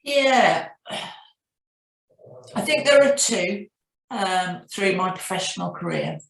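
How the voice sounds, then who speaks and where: In a business interview, a middle-aged CEO from the North of England reflects on her experiences through anecdotes, often restarting her thoughts. Her medium-pitched voice is fairly bright with lively intonation, and she takes her time. The sound quality is poor and roomy.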